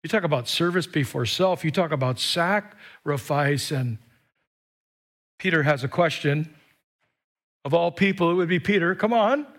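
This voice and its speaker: A man preaching an animated sermon as pastor in a church, urging the congregation to say lines back and whooping between them. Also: a little high, normal speed, pauses often. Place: church with live stream. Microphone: microphone.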